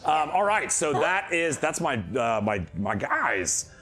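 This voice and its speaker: A man narrating a tabletop game as dungeon master, telling the action in an animated, playful way with laughing asides. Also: fairly high pitch, takes it slowly, faint music behind.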